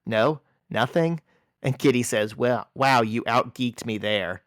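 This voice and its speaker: A man co-hosting a casual podcast, retelling a comic book scene and reading its dialogue aloud in a lively storytelling way. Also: measured pace, no room sound, studio quality. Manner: animated storyteller, reads quoted lines in a lower voice. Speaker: podcast co-host.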